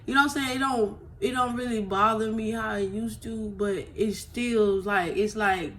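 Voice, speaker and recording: A woman's voice: mid-range voice, fairly even intonation, normal speed, fairly bright tone, a little hiss or hum. A woman vlogger telling her story to viewers on a phone, emotional and blunt, swearing freely and often asking "you know what I'm saying".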